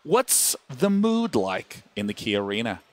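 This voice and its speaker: A man's voice: mid-range voice, very animated, measured pace. A man hosting an esports broadcast desk, summing up the match and handing over to the crowd reporter. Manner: upbeat, handing over segments. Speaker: esports host.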